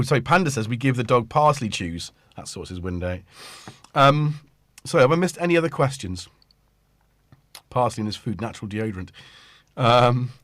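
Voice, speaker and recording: A middle-aged British man hosts a livestream, talking casually into a studio microphone and often cutting himself off mid-thought. His voice is medium in pitch and slightly bright, with no echo. He rambles and chats freely with his audience.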